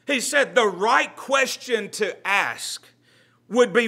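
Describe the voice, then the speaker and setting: Earnest bright-voiced pastor preaching. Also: male voice, high-pitched, animated, takes it slowly, creaky, soft background music. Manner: earnest preaching, swings from loud to hushed. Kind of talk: Bible study teaching. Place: church.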